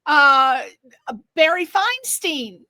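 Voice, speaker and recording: A woman's voice: high-pitched, big pitch swings, very slow, sharp tone, dry recording. A woman from Connecticut hosting a live interview show, chatty and enthusiastic. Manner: chatty, enthusiastic, laughing often. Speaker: host.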